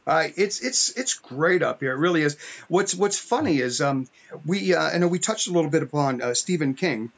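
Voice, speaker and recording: A man's voice: a little high, animated, moderate pace. A man from upstate New York, an author guest telling stories in a rambling, filler-heavy podcast chat. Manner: rambling storyteller with many fillers. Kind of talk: casual podcast conversation. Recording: muffled lo-fi audio.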